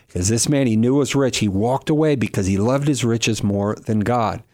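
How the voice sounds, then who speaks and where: Animated middle-aged man talking scripture. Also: mid-range voice, normal speed, dry recording, clean studio sound. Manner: animated, acts out quoted speakers. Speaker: guest. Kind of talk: casual talk on Bible teaching.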